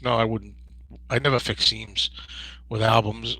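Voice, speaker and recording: A man in his fifties hosting a casual livestream Q&A, rambling and digressive with many restarts and a gravelly, husky voice. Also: medium pitch, flat delivery, takes it slowly, bright, forceful tone, dry recording, low-quality recording. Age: 50s. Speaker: host.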